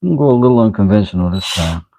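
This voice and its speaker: The man's mellow voice is on the low side, animated and rapid-fire. A knife maker hosting his own channel, he makes a knife in his workshop while joking with the camera through a face mask and mumbling to himself. It's casual workshop vlog commentary in a dry recording with dull, lo-fi audio.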